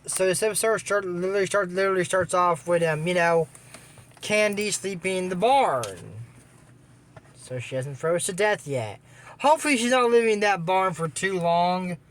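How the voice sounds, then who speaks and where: A man's voice: high voice, moderate pace, fairly bright tone, slight background noise. A man casually recapping a cartoon episode, rambling with lots of fillers and restarts and dropping sarcastic asides. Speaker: anime episode reviewer.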